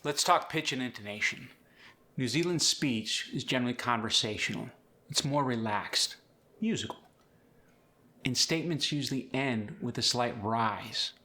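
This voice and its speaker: Male accent coach hosting a tutorial, bright and forceful tone, clear and explanatory delivery. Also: medium pitch, moderate pace. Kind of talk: instructional tutorial.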